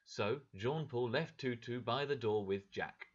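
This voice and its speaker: A man narrating a story for English learners with a clear, expressive reading. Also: mid-range voice, a little slow, lo-fi sound.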